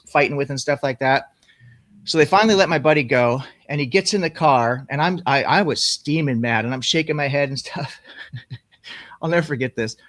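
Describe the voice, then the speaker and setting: A man telling a personal story in casual, profane conversation, animated as he goes. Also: mid-range voice, dry recording, studio quality.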